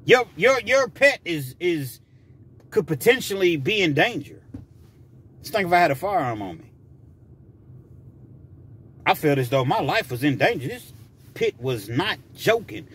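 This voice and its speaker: Guy vlogging a story, voice all over the place pitch-wise, keeps restarting sentences, bit of hiss in the back. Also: sing-song, a little slow, pauses often. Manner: acts out quotes in loud high voices, restarts often. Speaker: vlogger telling a personal story. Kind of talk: animated storytelling vlog.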